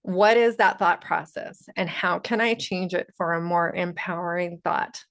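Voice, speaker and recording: A woman's voice: fairly low pitch, a little slow, vocal fry, a bit bright. A woman empowerment coach talking straight to her viewers in a motivational video, earnest and encouraging.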